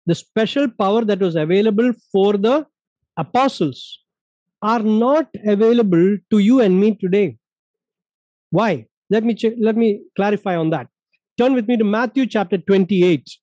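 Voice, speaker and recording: Emphatic high-voiced man teaching scripture. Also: warm tone, no echo, rough recording. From India. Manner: emphatic, repeats key points and verses. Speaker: Bible study teacher. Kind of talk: Bible study teaching.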